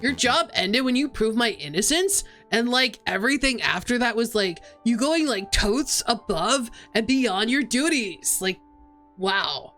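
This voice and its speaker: A woman's voice: on the high side, expressive, measured pace, a bit bright, faint music behind. A woman voicing a laid-back surfer-dude male fox who drawls and fills his talk with filler words. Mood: breezy. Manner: drawling, full of likes and dudes.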